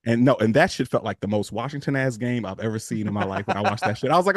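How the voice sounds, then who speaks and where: A man co-hosting a sports podcast, talking in an animated, storytelling way and swearing freely. His voice sits mid-range and sounds dry and close to the mic, with no room around it. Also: medium pitch, fast talker, few pauses, dry recording. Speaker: podcast co-host. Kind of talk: casual sports chat.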